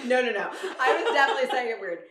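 A woman with a Southern accent co-hosting a casual true-crime podcast. She swears a lot, laughs often and talks in an animated way. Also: high-pitched, quick pace, echoey room. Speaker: podcast co-host.

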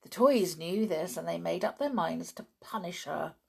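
A woman narrating a children's storybook, expressive, with dramatic gasps and sighs. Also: lowish voice, moderate pace, creaky, slightly rough. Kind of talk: storybook reading.

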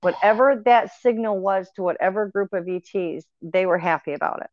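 A guest with a mid-range voice talks fairly quickly about her paranormal experiences, rambling earnestly with fillers and restarts. It's casual storytelling, captured in dull, dry lo-fi audio with no echo.

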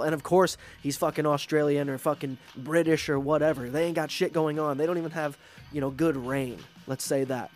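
A man hosting a podcast, ranting in a casual, profane, animated way and mocking others with put-on voices. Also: on the high side. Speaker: podcast host. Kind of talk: casual rant.

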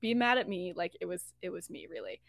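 A woman's voice: fairly low pitch, fairly quick, vocal fry, fairly bright tone, no room sound, voice pushed down. Woman quoting a cheeky teen boy prankster, mumbling a sheepish apology in a dry, close voice. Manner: casual offhand quoting, hesitant.

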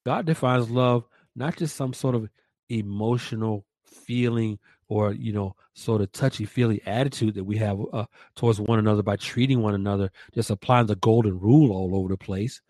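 A man's voice: fairly low pitch, normal speed, dark tone, no room sound. A man co-hosting a Christian commentary podcast, emphatic and stressing points by repeating words. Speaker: podcast co-host.

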